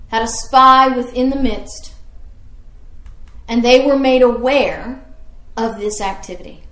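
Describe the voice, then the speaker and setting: Woman telling history lesson, high voice, unhurried, echoey room. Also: pushed and bright. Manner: storytelling, asks the audience questions. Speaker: history teacher.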